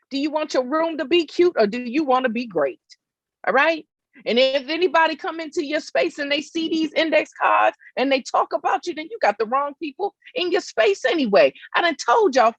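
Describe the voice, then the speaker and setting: A high-pitched woman gives a faith-based motivational talk outside in hot weather, stressing her points through repetition and checking in with listeners often. The audio sounds dull and has no echo.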